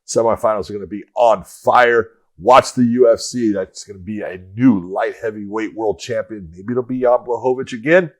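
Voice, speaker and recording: A man's voice: fairly low pitch, fairly even intonation, normal speed, few pauses. Casual profane middle-aged male podcast co-host. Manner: profane, storytelling. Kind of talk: casual chat.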